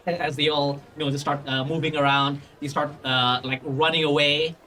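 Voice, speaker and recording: A man's voice: a little high, little pitch movement, normal speed, sharp tone, a little hiss or hum. A man narrating a tabletop game as game master, rambling with lots of fillers and restarts.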